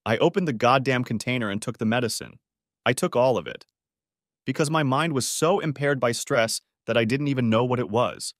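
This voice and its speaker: A man's voice: medium pitch, a little fast, no room sound, clean studio sound, close to an everyday voice. A man voicing a betrayed husband who speaks in a weary, bitter and self-mocking way in an audiobook. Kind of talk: audiobook character voice.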